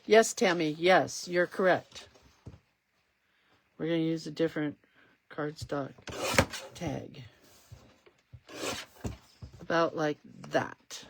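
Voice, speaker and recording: Speaking slowly with frequent pauses, a craft livestream host chats in a rambling way and reads out viewer comments while she works. Her voice is low, steady and creaky, and the background is noisy.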